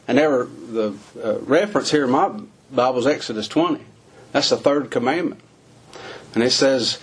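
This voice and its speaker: A man's voice: medium pitch, normal speed, breathy edge. A man preaching a sermon in a folksy, questioning way, using plain rural phrasing and asking lots of rhetorical questions.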